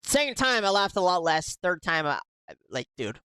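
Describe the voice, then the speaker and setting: A man's voice: high-pitched, very animated, moderate pace, sharp tone, smooth, dry recording. A man from Florida co-hosting a podcast, bantering loosely and swearing as he jokes. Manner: loose, profane, joking. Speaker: podcast co-host. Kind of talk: casual banter.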